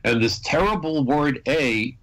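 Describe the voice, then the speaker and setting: A man's voice: medium pitch, expressive, a little slow, poor audio. An older American man, a former federal agent, telling a vivid anecdote as a guest in an interview, sometimes repeating words as he builds up. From United States. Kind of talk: interview storytelling.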